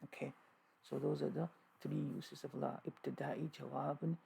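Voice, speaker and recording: A man teaching an informal grammar lesson, halting with fillers and restarts, repeating key terms as he goes. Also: on the high side, little pitch movement, gravelly, dark tone, rough recording.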